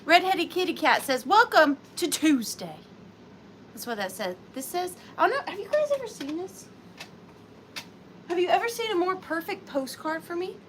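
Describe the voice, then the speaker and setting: A woman's voice: extremely high pitch, big pitch swings, moderate pace, slight background noise. A woman hosting an antique and vintage live sale, chatting casually and greeting viewers by name in a chatty, self-deprecating way.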